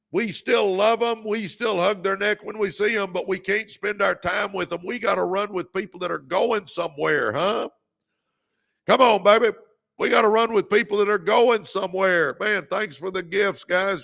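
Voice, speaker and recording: Fervent man, gravelly voice. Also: high-pitched, moderate pace. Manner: preacher-like, fervent, calls viewers baby, shouts encouragement. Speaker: livestream host. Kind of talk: motivational livestream talk.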